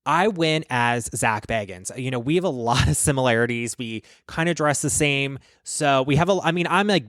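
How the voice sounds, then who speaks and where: A man's voice: medium pitch, animated, moderate pace, fairly bright tone, no room sound. Rambling, profane man, dry sound. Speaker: host. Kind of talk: casual reaction chat.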